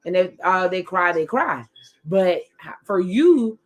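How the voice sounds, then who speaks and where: A woman's voice: on the low side, a little slow, fairly bright tone. A woman from South Florida giving blunt, sassy live commentary on a TV show as a reaction video host. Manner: blunt, sassy, talks back to the screen.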